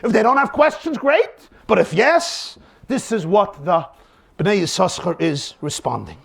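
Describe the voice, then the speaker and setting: A male rabbi delivers a lecture on faith. He tells his stories dramatically and pushes his points with rhetorical questions. His voice sits high and swings widely in pitch. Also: lively intonation, measured pace, vocal fry, slightly rough. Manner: dramatic storyteller, emphatic and rhetorical. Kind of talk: lecture on faith with acted-out anecdotes.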